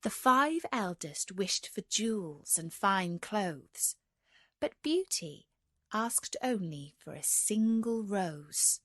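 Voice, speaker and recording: A woman reading a fairy tale aloud as a gentle bedtime story. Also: mid-range voice, very animated, slow, no echo, clean studio sound.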